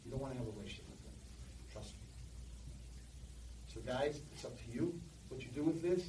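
A man giving an animated sermon to boys, telling stories, recorded in an echoey hall from a distance. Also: medium pitch, fairly quick, a little hiss or hum. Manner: animated, storytelling. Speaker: speaker addressing boys.

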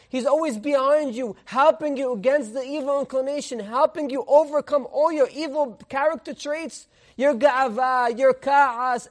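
A man teaching a Torah lesson as a rabbi, telling a parable in an animated way and mixing in Hebrew terms. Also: very high-pitched.

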